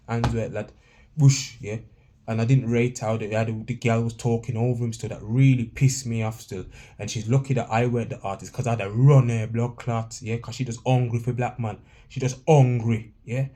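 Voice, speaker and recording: A man delivers a blunt, ranting podcast review in a warm, mellow voice. He keeps slipping patois phrases and street slang into his talk, sounding unfiltered. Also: mid-range voice, little pitch movement, a little fast.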